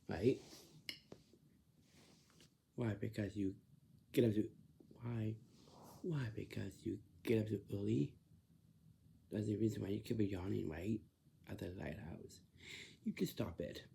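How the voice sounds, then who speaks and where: A man's voice: lowish voice, unhurried, creaky, pauses often, mellow, slight background noise. A man talking casually in a repetitive, lecturing way, often ending lines with "right?" and sometimes dropping into a whisper. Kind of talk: casual monologue.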